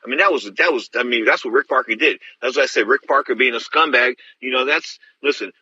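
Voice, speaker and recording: A man's voice: mid-range voice, fast, sharp tone, slightly rough, no echo, highs cut off. A middle-aged man hosting a show, telling stories bluntly and rambling with many restarts. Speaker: host. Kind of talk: casual storytelling.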